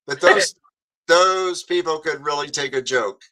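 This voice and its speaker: A man hosting a radio show, chatting casually and telling animated stories. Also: a little high, measured pace, low-quality recording. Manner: chatty storyteller, animated, laughs often.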